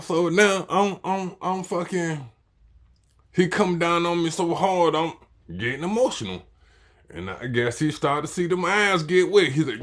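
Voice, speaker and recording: A man, telling a story in slangy casual talk that swings between loud and quiet. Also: on the high side, animated, moderate pace. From Jacksonville, Florida, US. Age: 40s.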